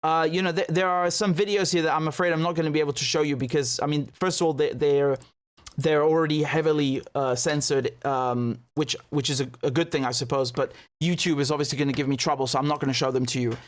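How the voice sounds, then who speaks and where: A man reacting to news clips with indignant, sarcastic commentary. His voice sits a little high for a man. He talks in bursts of outrage. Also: fairly even intonation, fast. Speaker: political commentator.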